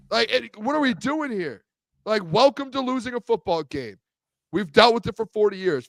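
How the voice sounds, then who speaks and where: Ranting sports-show man, higher voice. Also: dry recording. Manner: animated, ranting, repeats himself. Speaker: co-host. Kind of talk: casual sports talk.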